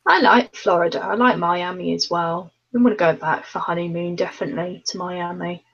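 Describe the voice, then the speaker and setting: Woman, Southern English accent, lowish voice, giggly, casual chat. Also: fairly even intonation, fairly quick, vocal fry, fairly bright tone, dull audio. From England, near London. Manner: giggly, self-conscious. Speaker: channel host.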